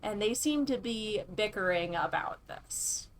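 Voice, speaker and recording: A woman's voice: medium pitch, unhurried, slight background noise. A woman narrating as dungeon master, describing scenes in an easygoing way with fillers. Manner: relaxed, hesitant descriptions with fillers. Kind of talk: narrating a tabletop game.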